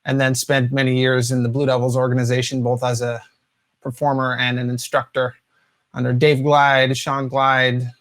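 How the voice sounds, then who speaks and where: A man in his forties from the US West Coast, teaching drum rudiments in a relaxed way with many fillers, counting and singing out patterns. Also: medium pitch. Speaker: drum instructor. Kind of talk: instructional talk.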